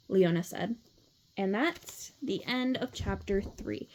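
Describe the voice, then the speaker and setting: A woman's voice: mid-range voice, big pitch swings, unhurried, darkish tone. A woman casually reading a children's book aloud, swearing now and then and filling with "like". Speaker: reader.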